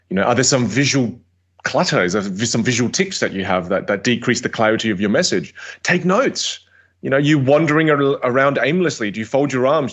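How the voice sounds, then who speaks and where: A man's voice: mid-range voice, husky. Emphatic male communication coach. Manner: energetic, emphatic, repeats words for stress. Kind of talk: podcast interview answers.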